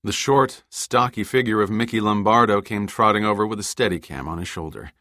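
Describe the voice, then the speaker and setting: A man narrating an audiobook in a steady, measured way. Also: lowish voice, no echo, clean studio sound. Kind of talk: scripted narration.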